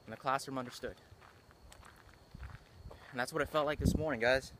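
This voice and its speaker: A man's voice: mid-range voice, steady tone, moderate pace, a bit bright, a little hiss or hum, low-quality recording. A man giving a motivational monologue as a vlogger, speaking emphatically and repeating phrases for effect.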